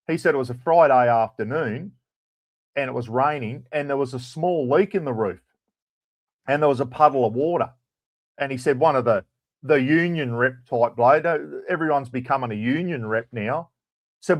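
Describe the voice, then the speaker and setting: A man's voice: mid-range voice, normal speed, no echo. An Australian man hosting a livestream, telling stories in a blunt, casual rant and swearing freely. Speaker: livestream host. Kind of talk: casual ranting chat.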